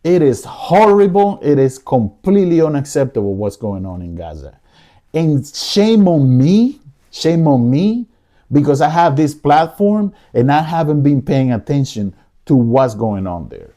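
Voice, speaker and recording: Male podcast host, mellow warm tone, mid-pitched, impassioned pleading monologue with frequent repetition. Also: very animated, a little slow. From United States. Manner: emotional, pleading, repeats himself. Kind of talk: impassioned solo commentary. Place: living room.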